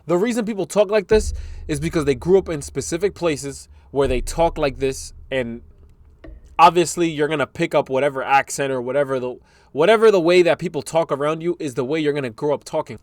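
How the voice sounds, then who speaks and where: A man talking casually as a reaction host, with a slightly higher-than-usual voice. The sound is close and dry, with no room around it. He speaks in relaxed, slangy, conversational commentary. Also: fairly quick, no echo.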